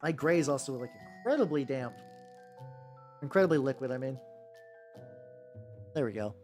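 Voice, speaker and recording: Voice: medium pitch, animated, moderate pace, a little mellow, soft background music. A VTuber streamer chatting casually while painting miniatures, rambling and joking, with lots of "like"s and restarts. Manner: rambling, many "like"s and restarts, jokey.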